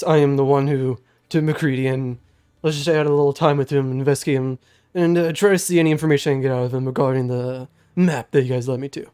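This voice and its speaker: A young man voicing a stern, secretive old male mage in a tabletop game, pushing his voice a little lower and groggier than his own, speaking in a measured, grave way. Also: darkish tone, smooth, natural voice. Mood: guarded. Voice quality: slightly lowered, groggy-sounding voice. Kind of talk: game master voicing a character.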